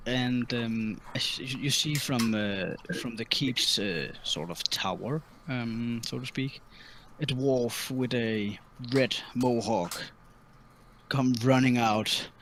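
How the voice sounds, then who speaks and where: A man running a tabletop game as dungeon master, talking in a halting way with many ums and restarts. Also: mid-range voice, a bit bright, a little hiss or hum. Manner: halting, full of ums and restarts, laughs easily.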